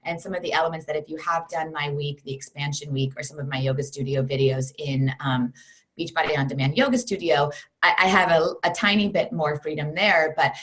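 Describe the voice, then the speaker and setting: A woman's voice: deep voice, fairly even intonation, fairly quick, a bit bright. Earnest woman telling her story. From United States. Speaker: guest, fitness program creator. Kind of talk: interview on a video call. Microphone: video call.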